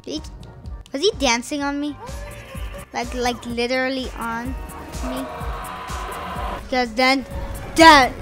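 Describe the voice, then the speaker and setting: A woman giving excitable live commentary over her own gameplay, chanting sound effects and repeating phrases as she plays. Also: sits high, normal speed, long pauses, music in the background. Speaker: gaming video host.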